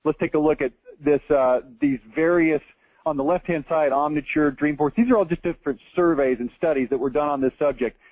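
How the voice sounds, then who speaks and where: A man's voice: fairly high pitch, fairly quick, a little mellow, dry recording, low-quality recording. A man in his forties from Texas, giving a blunt, emphatic marketing tutorial over a screen share, with mocking asides. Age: 40s. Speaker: marketing presenter.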